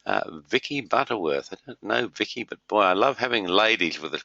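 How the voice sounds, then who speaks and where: A man's voice: low voice, normal speed, creaky, few pauses, sharp tone, no room sound. A middle-aged man hosting a trading webinar, chatting casually and greeting viewers by name with many fillers and matey asides. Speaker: webinar host and trading tutor. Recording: dull lo-fi webinar audio.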